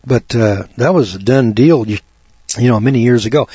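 A man preaching a fervent sermon, emphatic and given to repeating words, his voice climbing high when he gets worked up. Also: moderate pace, mellow, slightly rough, no room sound. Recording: dull, dry lo-fi recording.

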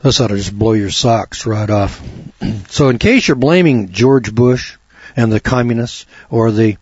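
Fervent male preacher, husky, on a dull dry lo-fi tape. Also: measured pace, dry recording. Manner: fervent, emphatic, repeats words, rising to a high excited pitch. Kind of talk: sermon.

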